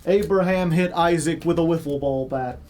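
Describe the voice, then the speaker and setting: A man's voice: a little high, normal speed, a little mellow, soft background music. A man who grew up in Chicago, chatting casually with stream viewers in a rambling way full of fillers and joking asides.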